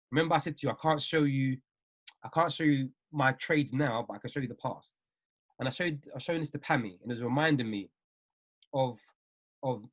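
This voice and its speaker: A man coaching traders on a video call, talking in an animated, emphatic way and repeating himself for effect. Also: on the high side. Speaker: trading coach.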